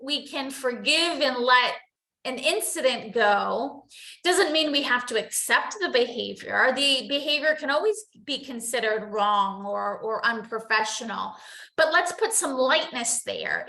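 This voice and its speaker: Casting: bright, high-pitched woman, an earnest motivational host who repeats herself. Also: reverberant. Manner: earnest, repeats phrases, asks "right?" often. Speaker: host, coach. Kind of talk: motivational talk to viewers.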